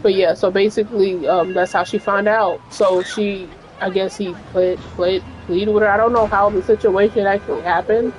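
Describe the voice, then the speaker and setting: Over poor-quality audio, this female gaming streamer keeps a steady, mid-range tone at normal speed with hardly a pause. While playing at home, she spins a long, meandering story, frank in manner and full of "like" and "you know."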